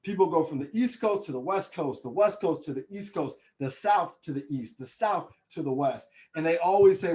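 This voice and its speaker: A man in his thirties from Nebraska, a motivational speaker giving a webinar talk in lively storytelling fashion, often asking "right?" and calling his listeners y'all. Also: normal speed, hardly any pauses. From Nebraska, USA. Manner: lively storytelling, acts out quoted people with high excited voices; addresses the audience as y'all, frequent "right?".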